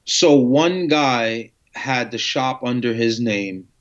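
Animated man telling a street racing story. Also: mid-range voice, slow pace. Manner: animated, acts out dialogue with slang and swearing. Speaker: guest telling his story. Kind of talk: casual storytelling interview. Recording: muffled lo-fi audio.

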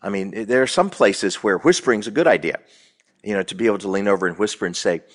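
A man co-hosting a casual radio talk show, telling lively stories and acting out the people he quotes. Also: on the low side, fast, slightly rough. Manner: animated storyteller, acts out quoted voices. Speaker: co-host.

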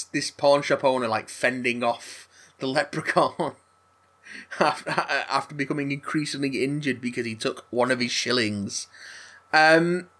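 A man recapping a film in casual chat, rambling with halting restarts and frequent laughs. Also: mid-range voice, fairly bright tone. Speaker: podcast co-host recapping a film.

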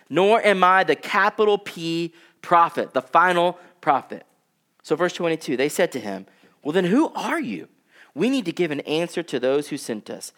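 A man, preaching a sermon in a conversational way, with fillers, dropping his voice low when he reads scripture. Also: a bit bright. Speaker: pastor.

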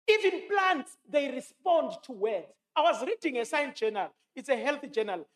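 A man delivers a sermon in a notably high voice. He talks emphatically, quotes scripture and repeats his key lines for weight. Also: sing-song, moderate pace, few pauses, a bit bright. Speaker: preacher.

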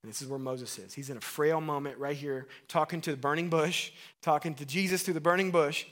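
A man delivering a sermon with an animated style and a voice sitting a little higher than most men's. He acts out the Bible figures he quotes, then sinks into a low, hushed delivery for emphasis. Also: brisk. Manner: drops to a low hush for emphasis. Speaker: pastor.

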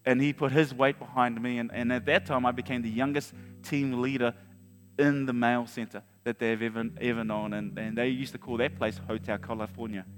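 A man in his forties preaching a sermon, telling a personal story in an animated way with chuckles and restarts. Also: medium pitch, a little fast. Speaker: pastor. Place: large church hall. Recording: long hall reverb with faint guitar.

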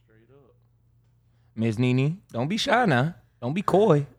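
A man hosting a podcast, joking and laid-back, sometimes slipping into a mock-smooth late-night radio delivery. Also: on the high side, big pitch swings, slow. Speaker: podcast host. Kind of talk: casual podcast chat. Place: podcast studio.

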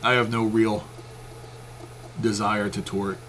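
A man's voice: fairly low pitch, little pitch movement, a little slow, a bit bright, slight background noise. A man co-hosting a podcast in casual chat, making dry, wry remarks. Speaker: podcast co-host.

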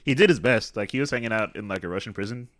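A man in casual movie chat who cracks wry, quick jokes and laughs often. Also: fairly low pitch, fairly bright tone, dry recording, clean studio sound.

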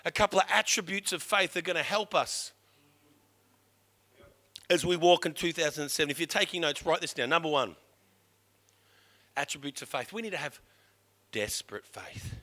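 A middle-aged pastor delivers a sermon with real fervour. His voice sits high and rings bright. He urges his listeners loudly, then drops to a hushed, earnest tone to drive a point home. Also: expressive, moderate pace, long pauses. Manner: impassioned, shifting from loud urging to hushed emphasis.

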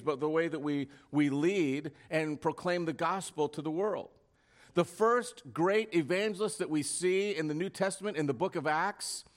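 A male pastor preaching a sermon in an emphatic style, posing rhetorical questions and at times dropping his voice to a hush. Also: on the high side.

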